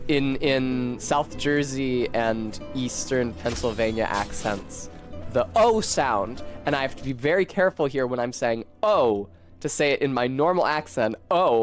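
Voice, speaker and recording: Chatty streamer man, Philly-tinged. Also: medium pitch. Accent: Philadelphia-tinged. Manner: talkative, info-dumping, swears casually. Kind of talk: casual chat while playing a game.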